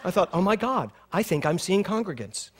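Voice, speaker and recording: At a spiritual center, a middle-aged male minister with a high voice gives a brisk sermon over a noisy background. He tells a personal story animatedly, laughing often and acting out the dialogue.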